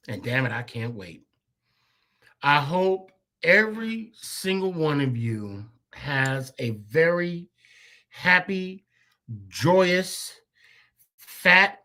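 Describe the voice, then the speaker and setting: A man hosting a sports fan podcast, closing the show with loose, rambling thank-yous and shout-outs to listeners. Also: medium pitch. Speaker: podcast host. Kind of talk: casual sign-off chat.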